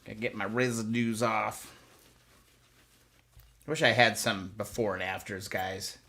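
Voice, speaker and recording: A man's voice: lowish voice, little pitch movement, unhurried, pushed and bright. A man hosting a live stream, chatting casually and coaching viewers step by step through a hands-on task. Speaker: host of a motorcycle restoration live stream.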